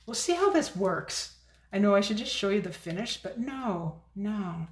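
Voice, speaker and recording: A chatty woman demonstrating card making in a casual crafting video, talking fast and poking fun at her own forgetfulness. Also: medium pitch, lively intonation. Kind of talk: casual crafting tutorial chat. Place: home craft room. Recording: echoey room.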